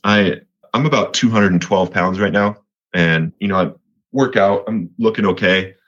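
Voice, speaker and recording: This Colorado man, a guest in an interview, tells in earnest how he got clean, repeating words and rising in voice as he relives moments. He has a deep, slightly bright voice at a moderate pace, and the recording sounds lo-fi.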